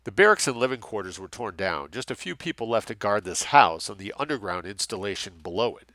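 A man reading a novel aloud in an expressive, varied way. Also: lowish voice, a little fast, dry recording. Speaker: audiobook narrator. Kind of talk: scripted narration.

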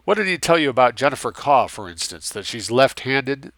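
A man voicing an older, abrasive American bureaucrat with a flat, nasal New York accent and a blunt, needling way of questioning. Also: mid-range voice, brisk, dry recording.

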